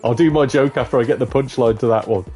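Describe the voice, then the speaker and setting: A gaming streamer is playing a racing game and chatting casually, cracking crude jokes, laughing often and saying "mate." His voice is medium in pitch, quick and mellow, with faint music in the background.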